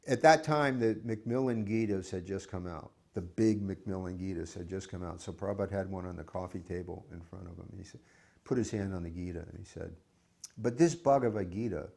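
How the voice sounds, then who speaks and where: A man's voice: low voice, vocal fry, a little mellow. A man reminiscing in an interview, reflective and hesitant, often restarting his sentences. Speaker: devotee recalling memories.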